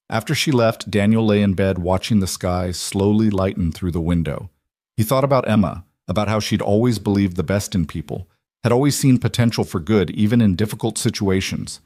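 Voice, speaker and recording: Low-voiced man narrating a story. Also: a little fast, a little mellow, no room sound, clean studio sound.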